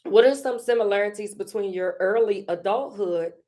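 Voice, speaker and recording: A woman's voice: medium pitch, mellow. A woman hosting a casual, reflective monologue, emotional and repeating herself, with frequent laughs. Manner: conversational, slow, emotional, laughs often, repeats phrases. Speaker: podcast host.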